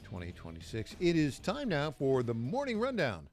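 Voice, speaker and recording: A man's voice: a little high, wildly swooping pitch, moderate pace, darkish tone, faint music behind. A man hosting a talk radio show from a studio, running through a news rundown with sarcastic asides.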